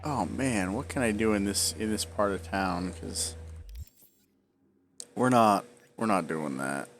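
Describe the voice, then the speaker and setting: A man in his forties chats loosely while he plays, drifting from one tangent to the next. His voice sits on the low side, and he keeps hiccuping and talking around a sore, swollen tongue. A faint hiss of noise runs under the recording. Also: a little slow. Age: 40s. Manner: rambling, trailing off into tangents. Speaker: gameplay video creator. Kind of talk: casual gameplay commentary.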